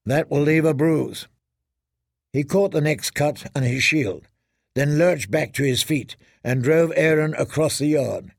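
A man narrating a fantasy audiobook in a steady, measured way. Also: a little high, gravelly, dry recording, studio quality.

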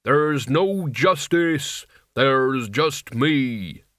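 A man's voice: mid-range voice, lively intonation, extremely slow, fairly bright tone, no room sound, studio quality. A man voicing an earnest, intense young man in an audiobook. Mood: menacing. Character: young man, anxious turning menacing. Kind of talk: audiobook character voice.

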